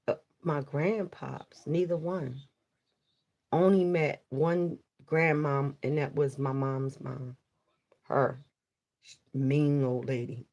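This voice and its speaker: A woman's voice: low-pitched, creaky, slightly rough. A woman chatting casually with viewers on a livestream, swearing freely and talking straight to them. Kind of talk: casual live stream chat.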